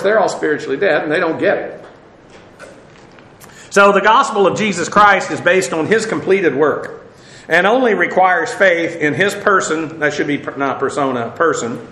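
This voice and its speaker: A man's voice: fairly high pitch, bright, forceful tone, roomy sound. A man teaching a Bible passage verse by verse, working through the Greek words in a loose, conversational way with frequent fillers and restarts.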